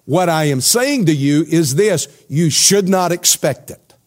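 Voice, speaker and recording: Preacher with a slightly high voice. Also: male voice, lively intonation, unhurried. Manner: conversational preaching with rhetorical questions to the congregation. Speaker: pastor. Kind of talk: sermon.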